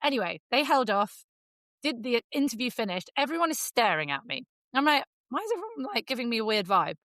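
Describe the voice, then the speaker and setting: Animated Englishwoman telling a funny story. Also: a little fast, no room sound. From England. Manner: animated, lively storyteller with jumps into high voices for quotes. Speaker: podcast co-host. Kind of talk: casual storytelling chat.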